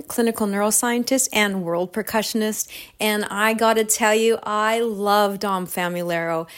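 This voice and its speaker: A woman, a neuroscientist and percussionist, giving an emotional, gushing tribute. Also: a little high. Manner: gushing and animated.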